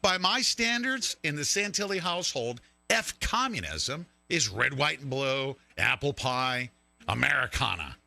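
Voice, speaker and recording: Fired-up, animated host with a gravelly edge. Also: male voice, fairly high pitch, dry recording. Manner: loud, riffing, mocking and sing-song. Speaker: show host. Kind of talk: fiery live-stream commentary.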